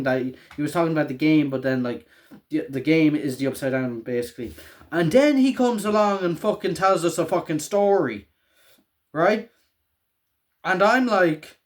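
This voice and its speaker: A man's voice: a little high, a little slow. Young man, profane and rambling. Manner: profane, rambling, excitable, laughing often. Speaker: show recap vlogger. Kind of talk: casual recap.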